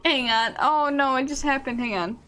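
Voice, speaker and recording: A woman's voice: high-pitched, moderate pace, pushed and bright. A young woman streaming a game, hiccuping, giggling and swearing in casual chat.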